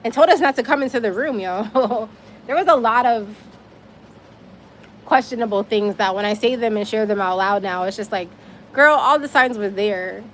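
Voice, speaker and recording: A woman telling her own story on a casual livestream, animated and emphatic, swearing now and then. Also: a little high, normal speed, a little hiss or hum.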